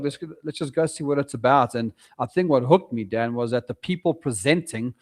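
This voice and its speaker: Middle-aged South African man, podcast guest, lively storyteller who acts out his own past words. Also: medium pitch, fairly quick. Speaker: guest property investor. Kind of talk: casual podcast interview.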